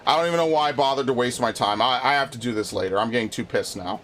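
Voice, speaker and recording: A man's voice: mid-range voice, quick pace, a bit bright, slight background noise. A man streaming a video game, chatting casually in a rambling, frustrated way, swearing often and restarting his sentences. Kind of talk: casual live-stream chat while playing.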